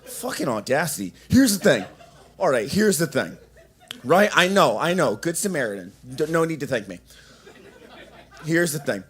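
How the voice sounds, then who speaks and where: A man's voice: on the high side, big pitch swings, moderate pace, pauses often, a faint crowd. A young man doing open mic stand-up in a coffee shop, rambling with lots of restarts and fillers. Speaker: stand-up comedian.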